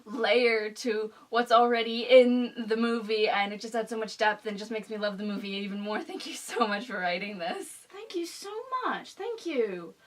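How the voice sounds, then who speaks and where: A woman's voice: a little high, normal speed, few pauses. A young woman telling a storytime vlog with bubbly, gushing enthusiasm. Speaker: vlogger.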